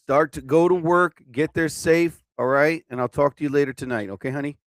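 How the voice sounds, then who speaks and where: A man's voice: a little high, fairly quick, dry recording, studio quality. A middle-aged man hosting a casual live stream, rambling, cursing and laughing at his own jokes.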